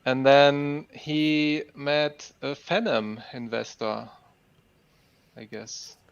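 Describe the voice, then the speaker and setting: A man's voice: fairly high pitch, steady tone, extremely slow, creaky, clear, resonant tone. A man hosting a casual livestream, upbeat and greeting chat viewers by name. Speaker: livestream host. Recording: dull lo-fi sound.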